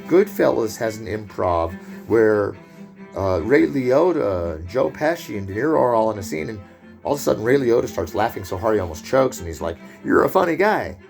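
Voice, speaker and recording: A man gives an unscripted film lecture in a low, gravelly voice with some vocal fry. He rambles and drifts into digressions and loose asides. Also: animated, a little fast, a little mellow, soft background music.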